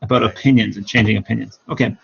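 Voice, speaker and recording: A man's voice: lowish voice, steady tone, vocal fry, breathy edge. Patient man giving speaking feedback. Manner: encouraging, patient, corrects slowly and repeats examples. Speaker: English speaking teacher, former exam examiner. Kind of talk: live-streamed speaking feedback. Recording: dull lo-fi stream audio.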